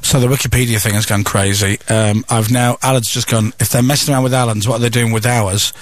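A man's voice: medium pitch, fast talker, dry recording. A man hosting a radio show, bantering and teasing his guest. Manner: teasing, jokey, lively.

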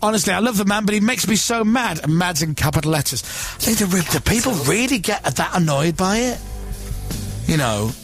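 A man in his forties hosts a radio show, chatting casually and mocking himself as he acts out the voices of others in his story. His voice sits a little high. A faint music bed plays under him. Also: moderate pace. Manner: self-deprecating, animated storytelling with acted-out quotes. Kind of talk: casual on-air chat.

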